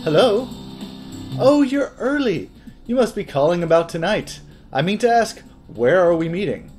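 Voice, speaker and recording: A man's voice: high-pitched, big pitch swings, moderate pace, a little mellow, soft background music, voice pushed up. A man voicing a cheerful young woman on a dinner date in a game, with a bubbly, girlish, sing-song delivery.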